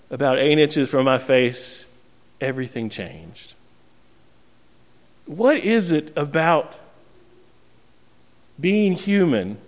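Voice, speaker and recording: Animated pastor telling a story in a reverberant hall. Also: male voice, a little high. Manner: animated, self-mocking storyteller who acts out scenes. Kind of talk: storytelling sermon. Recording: long reverb of a large hall.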